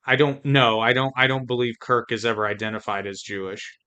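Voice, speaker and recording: A man co-hosting a podcast, explaining episode details in a measured, casual way. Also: mid-range voice, steady tone, sharp tone, clean tone. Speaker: podcast co-host. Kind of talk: casual chat, reading episode notes.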